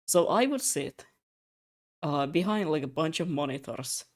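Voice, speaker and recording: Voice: mid-range voice, a little slow. A young adult streamer chatting casually while drawing, telling rambling stories with lots of asides and frequent laughter. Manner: animated storyteller, laughs often; rambling, many fillers and asides.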